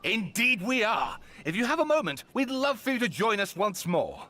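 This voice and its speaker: A man's voice: high voice, very animated, moderate pace, bright, forceful tone, no echo, exaggerated voice. A man voicing a polite, eager young villager in a game.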